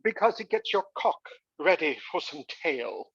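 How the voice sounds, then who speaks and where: A man's voice: a little high, big pitch swings, normal speed, fairly bright tone, slightly rough, no room sound, highs cut off, exaggerated voice. A man playing a vain, boozy, rakish aging movie star with a put-on English accent and a flippant, posh showman's delivery.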